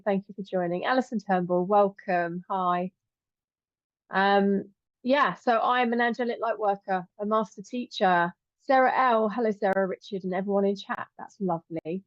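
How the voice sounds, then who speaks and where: A middle-aged woman hosts a live stream in a chatty, affectionate way, greeting viewers one by one. Her voice sits at an ordinary pitch. The sound is dry and dull, like a lo-fi close mic. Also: fairly even intonation, normal speed, dry recording. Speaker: host and angel teacher.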